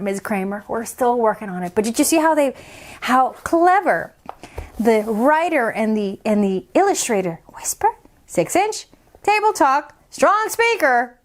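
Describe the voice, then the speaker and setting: Theatrical lady reading to kids, high voice, swoops up and down, likes a stage whisper. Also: expressive, normal speed, a little mellow. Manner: playful, dramatic, slips into whispers. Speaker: children's storyteller. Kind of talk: theatrical read-aloud for children.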